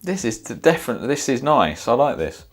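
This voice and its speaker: A man's voice: medium pitch, big pitch swings, quick pace, soft background music. A man casually reviewing fragrances, thinking aloud with many fillers and reacting as he smells each one. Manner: sniffs and reacts in the moment.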